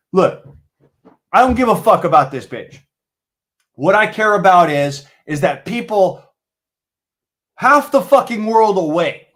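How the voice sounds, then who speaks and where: A man's voice: sits high, fairly bright tone. A man hosting a livestream, delivering a heated, profane political rant while he is angry and worked up. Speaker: livestream host.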